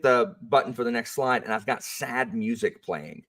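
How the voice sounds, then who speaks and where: A man who works as a history teacher, telling a story in a casual, animated and rambling way, full of fillers. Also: mid-range voice, normal speed, few pauses, far from the mic.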